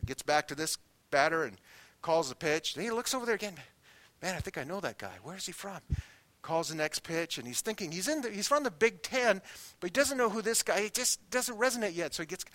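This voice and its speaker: A middle-aged man preaching a sermon in a church, telling folksy anecdotes and acting out the people in them. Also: on the high side. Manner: folksy anecdotes, animated quoted voices. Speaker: guest preacher. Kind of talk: sermon with storytelling.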